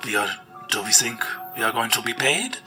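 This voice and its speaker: Man doing a big broad-shouldered knight, blunt, hesitant, slightly low voice. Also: lively intonation, fairly quick, sharp tone, soft background music.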